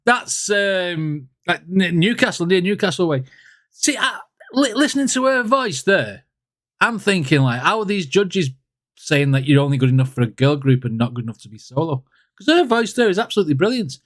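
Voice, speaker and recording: A man's voice: high-pitched, big pitch swings, moderate pace, a bit bright. A man hosting a music reaction video, chatting casually and rambling with frequent laughs.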